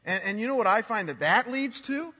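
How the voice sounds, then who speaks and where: A man in his forties, a pastor preaching a sermon and telling stories in an animated way, often restarting his words. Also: sits high, fairly quick, breathy edge. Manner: animated storytelling with frequent word restarts. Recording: long hall reverb.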